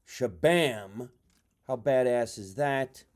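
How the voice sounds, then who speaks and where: A middle-aged man, hosting a comedy podcast with loud, animated chat, swearing freely and acting out voices in his stories. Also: medium pitch, slow. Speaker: podcast host.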